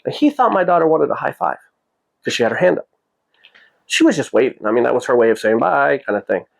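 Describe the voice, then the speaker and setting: Brief: male vlog host, rapid casual storytelling, mid pitch, rambling. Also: very animated, vocal fry. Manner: rambling, full of "you know" and quoted dialogue.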